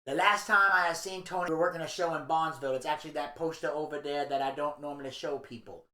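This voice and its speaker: A man's voice: on the high side, fast, echoey room. A man co-hosting a podcast, telling stories in casual chat, swearing freely and acting out what people said. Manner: animated storyteller, swearing, acts out quotes. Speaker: podcast co-host.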